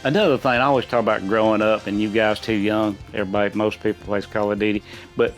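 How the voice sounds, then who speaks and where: Middle-aged dad, folksy and rambling, casual chat with faint music underneath. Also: male voice, fairly low pitch, steady tone, quick pace. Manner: rambling and folksy, many restarts. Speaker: quiz contestant.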